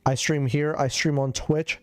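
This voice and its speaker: A man's voice: a little high, steady tone, a little slow, clear, resonant tone, no echo, clean studio sound. Sick, loopy man chatting on stream. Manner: loopy, rambling, swears a lot. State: sick, coughing. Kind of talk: casual chat.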